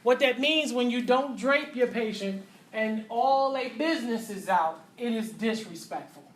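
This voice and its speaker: A middle-aged woman teaching a physical therapy class, lively and joking, acting out little voices and asides as she lectures. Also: a little high, a little slow. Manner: animated, acts out voices and asides, laughs often. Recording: faint background noise.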